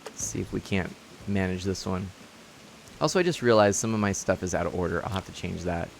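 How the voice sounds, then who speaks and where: A man's voice: low voice, a little fast, vocal fry, soft background music. A man casually streaming a life-sim game, chatting and laughing as he reads chat aloud and explains his setup. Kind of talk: casual live-stream commentary.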